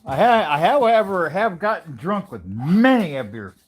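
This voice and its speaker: A man's voice: high voice, big pitch swings, normal speed, slight background noise. A man chatting casually on a home livestream, rambling and friendly with many uhs. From United States. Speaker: livestream host. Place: living room at home.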